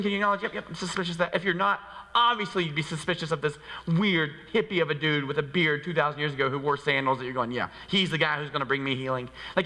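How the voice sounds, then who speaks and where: A man's voice: on the high side, gravelly, big-room sound, rough recording. A man preaching a sermon as pastor, talking in a casual, conversational way with frequent rhetorical asides. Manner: conversational and animated, with many rhetorical "right?" asides. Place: church sanctuary. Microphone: handheld microphone.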